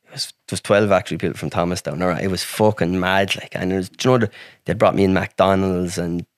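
This podcast guest from Ireland has a lowish, steady voice and talks fast, rambling through a casual story packed with swearing and frequent "like"s. The recording sounds dry and close, without any room echo.

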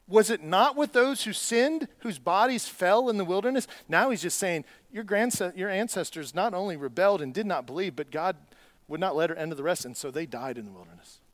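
High-voiced pastor preaching, dry sound. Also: male voice, lively intonation, brisk, no echo. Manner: swings from quiet earnest asides to loud rising exhortation; conversational preaching with restarts and plain talk. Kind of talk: sermon.

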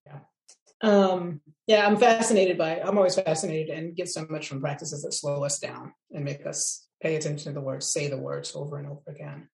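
A woman's voice: sits low, fairly even intonation, a little fast, creaky, a little mellow, roomy sound, low-quality recording. A woman helping lead an online class, talking reflectively and with enthusiasm. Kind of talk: casual class discussion.

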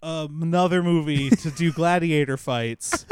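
A man's voice: fairly high pitch, clear, resonant tone, no echo, clean studio sound. A man co-hosting a podcast, joking casually with frequent ums and restarts. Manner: halting, full of ums and restarts. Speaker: podcast co-host. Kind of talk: casual comedic chat.

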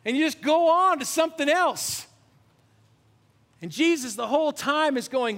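Male pastor, high-pitched, preaching in a reverberant hall; animated, dropping to soft prayerful tones. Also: slow pace. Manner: animated, swings from loud to hushed. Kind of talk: sermon.

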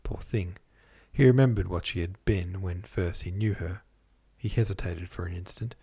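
A man reading a classic novel aloud as a podcast host, in measured literary narration. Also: low voice, warm tone, slightly rough. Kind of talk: scripted narration.

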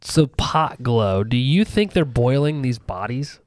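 A man talks through a movie in an easy, meandering way, stopping and restarting his thoughts and swearing casually. His pitch sits in the middle range and the sound is dry and close, with no room around it. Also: expressive, unhurried, no room sound. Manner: rambling, self-correcting, swears casually. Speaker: podcast host. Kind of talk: casual film discussion.

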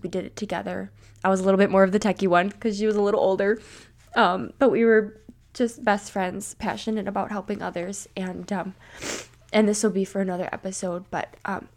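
A woman in her thirties hosting a personal podcast, talking candidly and tearfully, with fillers and halting pauses. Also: mid-range voice, creaky. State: tearful, near crying. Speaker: podcast host. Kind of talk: personal solo podcast talk.

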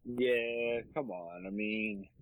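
A man's voice: medium pitch, slow pace. A man co-hosting a casual chat, mostly dropping short reactions. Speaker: podcast co-host.

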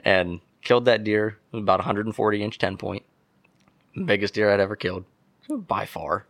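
A young man from Pennsylvania, a podcast guest telling an animated story and acting out what people said. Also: on the low side, normal speed, no echo. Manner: animated storyteller, acts out quotes. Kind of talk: casual storytelling.

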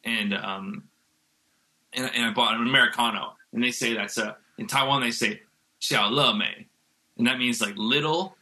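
A man's voice: mid-range voice, moderate pace, pushed and bright, rough recording. A young man from Canada, a guest musician, chatting loosely on a video call, full of "like" and casual swearing. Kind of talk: casual conversation.

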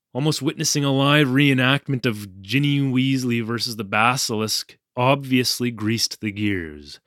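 A man's voice: mid-range voice, a bit bright, no echo, studio quality, close to an everyday voice. An actor playing a flustered young male English teacher in Japan, telling his ordeal in a wry, self-deprecating way. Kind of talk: audio drama storytelling narration.

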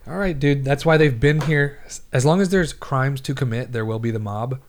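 A man's voice: medium pitch, normal speed, a little hiss or hum. Joking man reading news on a podcast. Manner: profane, joking, stumbles over words while reading. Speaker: podcast co-host. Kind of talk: casual comedic chat, reading news aloud.

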